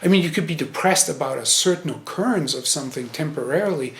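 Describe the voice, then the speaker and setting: A male Zen teacher giving a meditation talk, searching for words with frequent restarts and pauses. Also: fairly high pitch, expressive, roomy sound. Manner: hesitant, searching, many restarts. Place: meditation hall.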